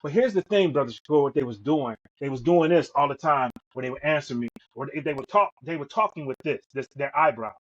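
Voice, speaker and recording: Telling stories during a podcast conversation, this middle-aged co-host speaks emphatically and repeats words along the way. His voice is a little high, quick and with few pauses, and the sound is dull and lo-fi.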